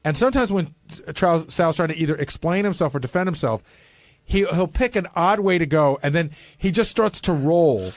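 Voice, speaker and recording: A man's voice: fairly high pitch, normal speed, no echo. A man, a radio show regular, probing a coworker and retelling anecdotes in casual studio banter. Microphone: studio microphone.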